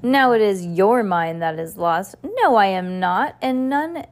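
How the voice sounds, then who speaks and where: A woman's voice: medium pitch, expressive, measured pace, close to an everyday voice. A woman reading as a rambling rhyming jester. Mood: theatrical, fretful. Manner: rhyming, pun-loving, theatrical ramble. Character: anxious, rambling male court jester prisoner.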